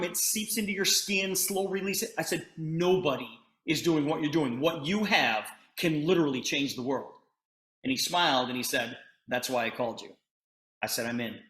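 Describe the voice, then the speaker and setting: Middle-aged male presenter, animated storyteller, roomy echo on the voice. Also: fairly high pitch. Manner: retells a conversation in quick asides, addresses listeners as "you guys". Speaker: company presenter telling a story.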